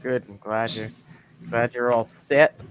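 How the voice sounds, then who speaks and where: A man's voice: mid-range voice, fairly even intonation, unhurried, noisy background. A man co-hosting a casual livestream, easygoing, greeting viewers by name and keeping the chat going. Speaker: co-host.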